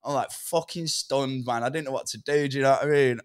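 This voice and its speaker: A man's voice: medium pitch, fairly even intonation, brisk, clear, resonant tone, no echo, clean studio sound. A young man telling a rambling story from his past, with swearing and lots of "do you know what I mean". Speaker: podcast guest. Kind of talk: casual storytelling.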